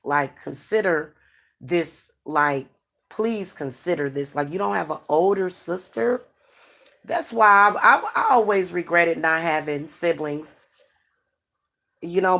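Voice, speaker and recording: A woman's voice: low-pitched, a bit bright. A middle-aged woman, talking frankly and casually to her viewers, with many restarts and fillers. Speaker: spiritual advisor and channel host.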